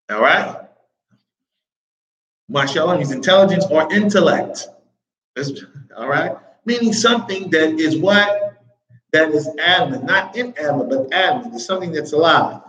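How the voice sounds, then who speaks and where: A man's voice: a little high, pushed and bright. A man teaching an Arabic grammar class, constantly quizzing his students with "what?" prompts. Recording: roomy, dull classroom recording.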